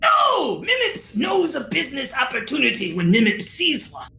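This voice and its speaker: A woman's voice: sits high, wildly swooping pitch, moderate pace, creaky, bright, forceful tone, roomy sound, raised voice, exaggerated voice. Woman doing a pushy little underground merchant. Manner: broken grammar, talks of himself by name. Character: small scrappy male underground merchant, pushy.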